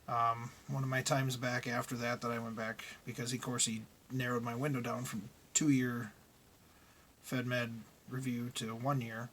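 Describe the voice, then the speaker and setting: A man's voice: mid-range voice, level tone, measured pace, fairly bright tone, slight background noise. A middle-aged man who drives trucks, talking casually and bluntly in a vlog and grumbling about his frustrations.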